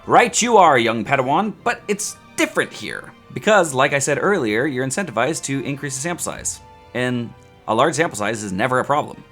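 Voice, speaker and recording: A man teaching statistics in a playful, sarcastic, animated way. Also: medium pitch, a little fast, faint music behind. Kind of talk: scripted educational video.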